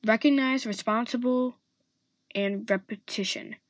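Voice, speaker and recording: A woman's voice: on the high side, measured pace, no echo, rough recording. A woman hosting a show, talking through friendship advice in an earnest, casual way with frequent restarts. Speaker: host giving friendship advice.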